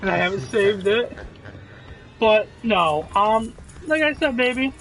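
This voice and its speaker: A man's voice: high-pitched, lively intonation, measured pace, a bit bright, faint music behind, low-quality recording. A man casually talking while playing a game, earnest and reassuring, with plenty of swearing. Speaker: gameplay video creator.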